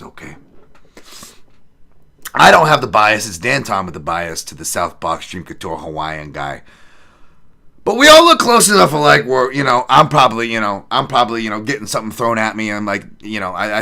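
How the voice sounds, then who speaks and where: A man hosting a casual betting podcast, profane and rambling, swinging from loud hype to low mutters. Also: gravelly. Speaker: podcast host.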